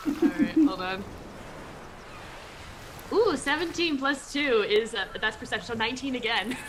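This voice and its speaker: A woman's voice: high-pitched, normal speed, a bit bright, slight background noise. A woman playing a tabletop game, chatty and giggly. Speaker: player.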